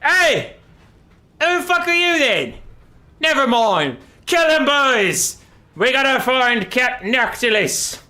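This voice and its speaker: A man's voice: very high-pitched, sing-song, takes it slowly, pitched above the performer's own voice, heavily acted. A man playing a brash, foul-mouthed pirate queen. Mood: furious. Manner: shouting, brash, swearing.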